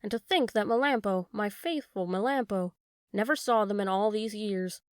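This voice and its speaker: A woman's voice: medium pitch, normal speed, no echo, studio quality, lightly acted. A woman voicing a hearty country farmer who is pleased with himself, speaking boastfully in a storybook reading. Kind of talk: storybook read-aloud.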